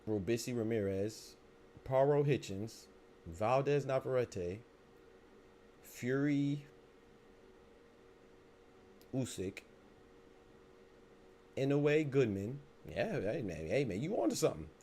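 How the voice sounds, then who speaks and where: A man's voice: medium pitch, big pitch swings, slow pace, long pauses, mellow, slight background noise. A man hosting a live boxing podcast, reading chat comments and joking around with loose, profane mock anger and speech.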